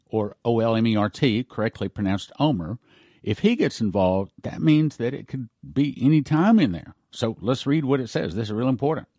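A man hosts a prophecy talk show, and he works through the news in an earnest, deliberate way, reading articles aloud and spelling out names. His voice sits at an ordinary middle pitch. The recording is dry and close. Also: dark tone, no echo. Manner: earnest, lays out points slowly and spells words out.

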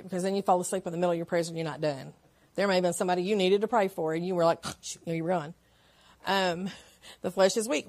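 A woman giving a Sunday school lesson, talking informally with personal stories and reading scripture slowly. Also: mid-range voice. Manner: chatty, with personal stories and frequent laughs; reads scripture slowly and deliberately.

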